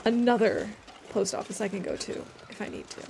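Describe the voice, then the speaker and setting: A woman's voice: mid-range voice, fairly even intonation, a little fast, vocal fry, darkish tone, a little hiss or hum. A woman streamer giving casual let's-play commentary while she plays, chatty and rambling with a self-amused tone.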